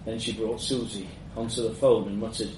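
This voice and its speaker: A man reading a first-person story aloud in a measured, reflective way. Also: fairly low pitch, little pitch movement, darkish tone. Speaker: narrator. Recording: roomy echo, mic at a distance, faint background hum.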